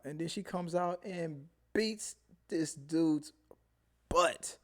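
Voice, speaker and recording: Male host, casual live review, lively up-and-down delivery, rambles and mumbles. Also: on the high side, slow pace. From Houston, Texas area. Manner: rambling, animated, trails off to mumbles. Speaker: show host.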